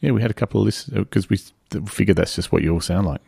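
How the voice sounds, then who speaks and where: A man's voice: lowish voice, rapid-fire, creaky, warm tone, slightly rough, dry recording, clean studio sound. A man with an Australian accent hosting casual breakfast radio, back-announcing songs with loose, chatty asides. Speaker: radio host.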